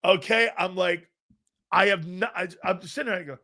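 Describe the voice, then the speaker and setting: A man's voice: high voice, normal speed, sharp tone. A middle-aged man hosting a live sports talk show, brash and profane, rambling through chat comments and laughing often.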